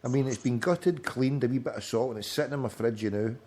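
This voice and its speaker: A man's voice: medium pitch, fast, a little mellow. A man, hosting a late-night phone-in, rambling in sweary chat and calling his friend "mate" often. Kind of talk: casual banter over a call.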